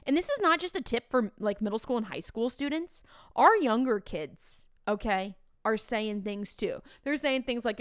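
A woman's voice: a little high, moderate pace, no room sound. Chatty woman in her thirties, dry sound. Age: 30s. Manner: chatty and animated, with playful asides to the listener. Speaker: teacher and podcast host. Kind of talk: casual podcast talk.

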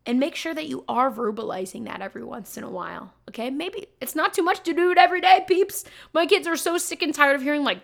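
A woman's voice: high-pitched, animated, quick pace, gravelly, hardly any pauses. A young adult woman, a teacher, giving an upbeat, chatty motivational talk to fellow teachers with lots of emphatic repeats. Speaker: teacher and podcast host.

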